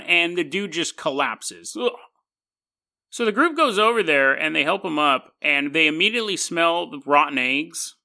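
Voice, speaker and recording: A man's voice: sits high, expressive, normal speed, sharp tone. A man hosting a podcast, telling a story in a casual monologue with wry, skeptical asides and frequent laughter. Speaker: podcast host.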